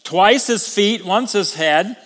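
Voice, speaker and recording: A man preaching a sermon as pastor, emphatic, swinging between loud declarations and hushed asides. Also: high voice, slow, long reverb tail.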